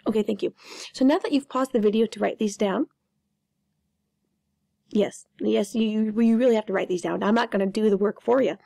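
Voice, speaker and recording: A woman's voice: medium pitch, fairly quick, vocal fry, pauses often, dark tone, dry recording. A young woman teacher giving a chatty, playful online grammar lesson, often repeating her words.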